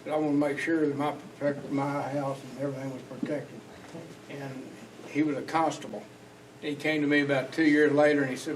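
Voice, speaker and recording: A man's voice: mid-range voice, flat delivery, a little fast. A man giving a short, plainspoken and earnest impromptu thank-you at an awards dinner. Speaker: guest speaking at an awards dinner. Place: banquet hall. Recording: distant mic with noise in a hall.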